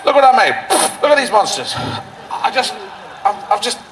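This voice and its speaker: A man's voice: high voice, moderate pace, big-room sound, distant mic, noisy background. A comedian voicing God as a giddy, manic show-off proudly pointing to his creations. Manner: excited, boastful, manic. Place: outdoor rally stage.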